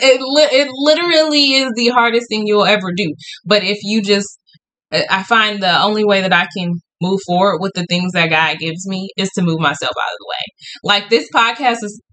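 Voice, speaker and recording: A woman hosting a casual Bible study podcast, hyped up and excitable, stumbling over words now and then, laughing, and speaking to her listeners as "y'all". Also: mid-range voice, poor audio. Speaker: podcast host.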